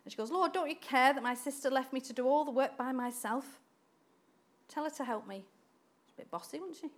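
A woman preaching a sermon in an animated way, acting out quoted voices and laughing often. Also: high voice, fairly quick.

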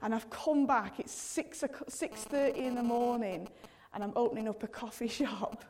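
A woman's voice: a little high, moderate pace, darkish tone. A woman in her thirties preaching a sermon in an earnest, conversational way, often addressing God directly and using casual fillers. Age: 30s.

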